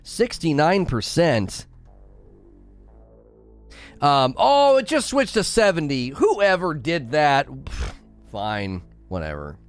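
A man's voice: fairly high pitch, sing-song, slow pace, pauses often, faint music behind. A man streaming a game and chatting casually with his viewers, giggly and rambling, laughing often at his own jokes. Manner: rambling, with many fillers and restarts. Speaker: game streamer talking to chat. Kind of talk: casual live-stream chat.

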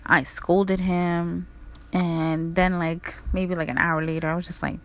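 A young woman muses aloud in a loose, chatty solo talk, leaning on "like" and the odd curse. Her voice sits a touch low for a woman. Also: steady tone, unhurried. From Mexican-American background. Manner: chatty, frequent "like", laughs and swears. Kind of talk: casual reflective monologue.

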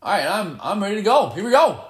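A man giving live gameplay commentary, excitable and playfully boastful as he trash-talks. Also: sits high, fast, echoey room. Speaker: gamer.

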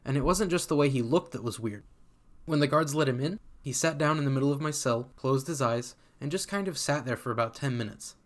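A man's voice: mid-range voice, fairly quick. A man reading a first-person story aloud in a casual, sardonic voice that swears freely. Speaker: community reader.

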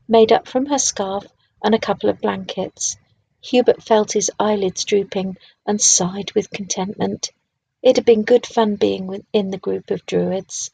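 A woman reading a children's storybook aloud in a gentle, unhurried way and talking to her listeners. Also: medium pitch, gravelly, breathy edge, dry recording, low-quality recording.

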